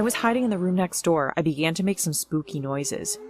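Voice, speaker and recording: A woman narrates a first-person storytime tale with a plain, earnest delivery. Her voice sits slightly low for a woman, even and unhurried. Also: faint music behind.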